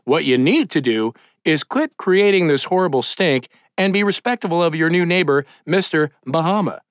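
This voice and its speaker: A man's voice: on the high side, no room sound, studio quality, voice pushed up, natural voice. A man voicing a swaggering young male enforcer who gives orders. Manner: bossy, swaggering.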